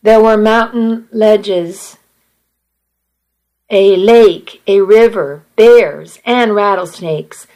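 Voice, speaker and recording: A woman's voice: medium pitch, extremely slow, warm tone, rough recording. A woman narrating a first-person story in an earnest, emotional way.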